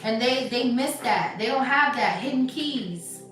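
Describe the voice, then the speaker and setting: A woman doing a live tarot reading in casual, slangy chat, talking emphatically and sometimes dropping to a soft hush. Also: fairly high pitch, a little slow. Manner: animated, emphatic, swings to soft hushed stretches. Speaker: tarot reader. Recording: echoey room, voice distant from mic, music behind. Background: background music.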